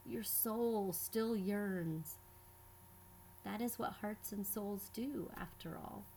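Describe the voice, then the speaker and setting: A woman telling a personal story in scripted narration, measured and reflective. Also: mid-range voice, creaky, slight background noise. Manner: measured, reflective, quietly earnest.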